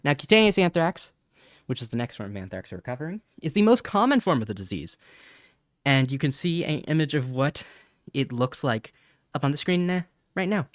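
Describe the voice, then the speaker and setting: A man's voice: a little high, big pitch swings, a little fast, no echo, clean studio sound. A man hosting a casual educational livestream on bacteria, chatting, reading chat messages, laughing and stumbling over terms. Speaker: science streamer.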